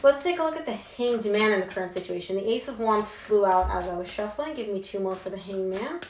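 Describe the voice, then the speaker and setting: A young adult woman gives a casual tarot reading straight to her viewers, chatty and emphatic with slangy asides. Her medium-pitched voice has lively intonation and runs a little fast, with a little hiss or hum and a roomy echo.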